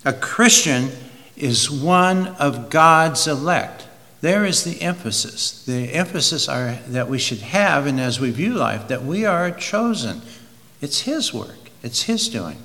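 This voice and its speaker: A man preaching a sermon, slow and deliberate, rising for emphasis and reading scripture aloud. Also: mid-range voice, bright, forceful tone. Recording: long hall reverb.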